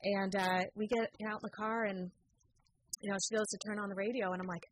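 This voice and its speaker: Middle-aged woman guest, chatty storyteller, acts out quotes, average pitch, faint background noise. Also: fairly quick, low-quality recording. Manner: lively, acts out quoted voices; frequent fillers. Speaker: interview guest. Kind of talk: conversational storytelling.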